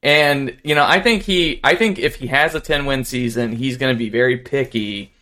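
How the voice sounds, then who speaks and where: A man's voice: medium pitch, normal speed. A man co-hosting a casual sports podcast, telling stories animatedly and mimicking people he quotes. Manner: animated storytelling, mimics others. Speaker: podcast co-host.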